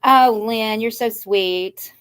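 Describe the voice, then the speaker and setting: A woman's voice: on the high side, slow pace, a bit bright, clean tone. Anxious rambling older woman. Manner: shaky, rambling and anxious, then defiantly upbeat. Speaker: craft channel host. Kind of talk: emotional live chat to viewers.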